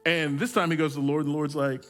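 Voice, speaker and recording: A man's voice: on the high side, flat delivery, fast, soft background music. A man pastor preaching a sermon, telling stories in a casual, joking way with frequent restarts. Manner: conversational, humorous storytelling with repeated restarts.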